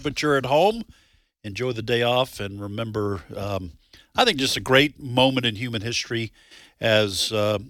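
Rambling and restarting, this man hosts a radio talk show and laughs softly at himself between ideas. His medium-pitched voice is bright, recorded dry and close in the studio.

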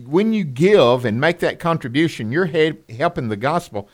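A man with a Southern drawl, co-hosting a radio fundraising appeal and slowly repeating a phone number. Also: on the high side, animated. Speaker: radio co-host.

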